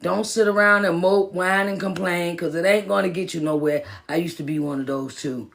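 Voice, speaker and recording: Woman, motivational speaker and minister, gravelly, casual and repetitive, phone live stream. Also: fairly low pitch, steady tone, moderate pace, slight background noise. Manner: casual, repetitive, greets viewers by name. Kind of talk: live-stream pep talk.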